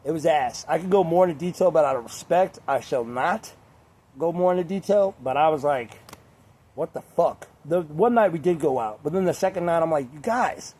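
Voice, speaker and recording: A young man talking casually to camera in a crude, rambling way, laughing often and mimicking others in high voices. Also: a little fast, a little mellow. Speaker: vlogger.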